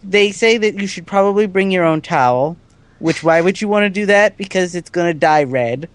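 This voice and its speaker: A man's voice: high voice, moderate pace, dry recording. A man co-hosting a podcast, chatting in a skeptical, wry way. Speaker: podcast co-host. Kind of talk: casual chat.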